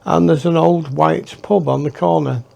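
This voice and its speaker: A man's voice: a little high, fairly even intonation, moderate pace, gravelly, darkish tone. A man telling his memoir in a rambling, reflective way. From northern England. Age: 60s. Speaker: storyteller. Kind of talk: memoir storytelling.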